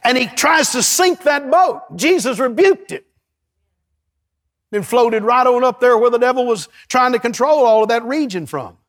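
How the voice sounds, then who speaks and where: A middle-aged man preaching a sermon with fervor, breaking into shouts and calling out to the congregation for an amen. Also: very high voice, animated, normal speed. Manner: fervent, shouting at peaks, calls for amen.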